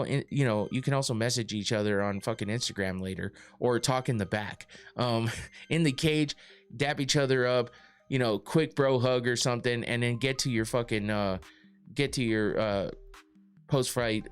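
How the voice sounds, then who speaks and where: Foul-mouthed man, smooth clear voice. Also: mid-range voice, moderate pace, faint music behind. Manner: profane, rambling, many fillers and restarts. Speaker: podcast host reading live chat. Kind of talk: casual podcast chat.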